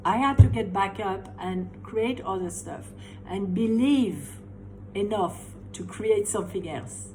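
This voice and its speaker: A middle-aged woman with a French accent speaks straight to her viewers in a motivational coaching talk. She leans hard on her key words and repeats short phrases for effect. Her pitch sits in an ordinary middle range, and a faint hiss runs under her voice. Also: slow, mellow, poor audio. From France. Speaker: life coach and tapping practitioner.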